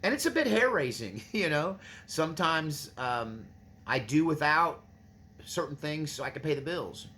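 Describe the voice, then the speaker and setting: A man's voice: a little high, expressive, measured pace, pushed and bright. A man hosting his own channel, talking earnestly and rambling to his viewers. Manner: earnest, rambling, restarts often. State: choked up, near tears. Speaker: channel host. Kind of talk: casual monologue to viewers.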